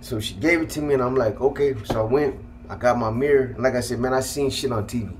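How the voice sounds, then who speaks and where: A man telling a personal story in casual, profane speech, halting and restarting often. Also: mid-range voice, a little hiss or hum. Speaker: guest telling his life story.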